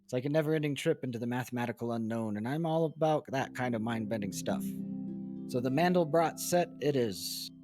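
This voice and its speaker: A man's voice: mid-range voice, fairly quick, over music, natural voice. A man voicing a male AI chatbot that does edgy stand-up comedy, with punchy joke setups. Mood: enthusiastic. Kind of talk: reading chatbot replies aloud.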